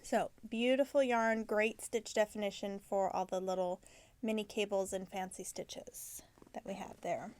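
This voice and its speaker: A woman hosting a knitting podcast, chatting casually about her projects and often correcting herself mid-sentence. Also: fairly high pitch. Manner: chatty, self-correcting, drops into soft asides. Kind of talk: casual show-and-tell chat.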